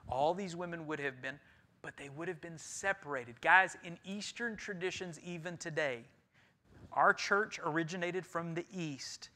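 A man with a Texan accent preaching to his congregation in a church sanctuary, lively and playful as he teases and addresses people directly. His voice sits high for a man and has a bright, forceful edge. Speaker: pastor. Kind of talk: conversational sermon.

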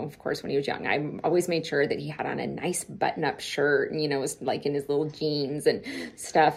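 Middle-aged woman, gravelly husky voice, low-pitched, chatty vlog storytelling, laughs a lot. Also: darkish tone. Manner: chatty, laughing often, acting out quotes. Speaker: vlogger. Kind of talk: casual storytelling to camera.

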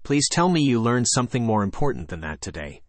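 A man's voice: medium pitch, very animated, fairly quick, no room sound, close to an everyday voice. A man voicing a teasing mother with dry, sarcastic humor. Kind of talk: audiobook character voice.

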